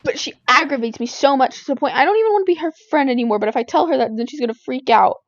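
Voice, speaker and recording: A woman's voice: sits high, lively intonation, racing, no room sound, dull audio. A teenage girl venting casually about a friend while playing a game, rambling and exasperated, with constant "like" fillers. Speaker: gaming vlogger.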